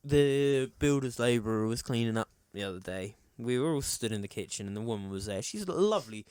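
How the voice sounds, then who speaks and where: A man's voice: medium pitch, lively intonation, a little fast, darkish tone, clear, resonant tone, no room sound. A young man, co-hosting a podcast in casual joking banter, teasing his father. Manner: joking, teasing, laughs often. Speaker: podcast co-host.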